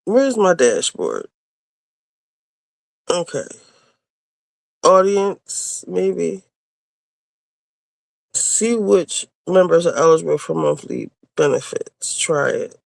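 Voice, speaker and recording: Female streamer, casual chat, unhurried delivery, close dry sound, bursts into shouts of joy. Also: fairly low pitch, vocal fry, dry recording. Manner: excitable, shouts and near tears over new supporters. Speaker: livestream host.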